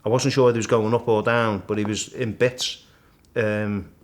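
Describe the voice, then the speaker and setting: A middle-aged man, a guest in a casual interview, vividly retelling his climb and acting out the shouts and thoughts along the way. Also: fairly low pitch, normal speed. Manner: animated storyteller, acts out his own shouts and thoughts. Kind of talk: storytelling in casual conversation.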